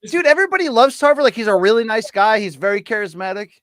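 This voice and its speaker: Male podcast host, animated pitch, dry close sound, casual sports chat. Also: fast, no room sound. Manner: lively, reads audience comments aloud.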